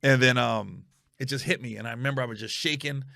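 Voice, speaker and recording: Talking fast with vocal fry in a mid-range voice, a comedian in his forties hosts his show; the recording is dry and studio quality. He tells his story casually and profanely, animatedly playing every voice.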